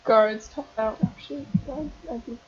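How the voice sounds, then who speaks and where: A woman's voice: a little high, measured pace, breathy edge, dull audio. A young woman narrating as game master for a tabletop game, hesitant and full of ums and restarts.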